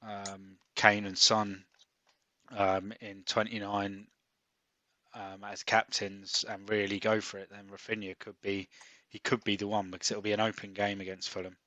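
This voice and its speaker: A man co-hosting a podcast in casual chat, pausing often with ums and restarts. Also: fairly low pitch, monotone, pushed and bright, no room sound, muffled recording. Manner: hesitant, many ums and restarts. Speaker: podcast co-host. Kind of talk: casual chat about fantasy football.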